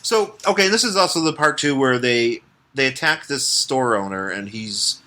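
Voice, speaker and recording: A man's voice: mid-range voice, expressive, moderate pace, pushed and bright. A man co-hosting a comics podcast, talking casually and animatedly, swearing, laughing and acting out silly voices. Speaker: podcast co-host. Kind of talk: casual chat about comics.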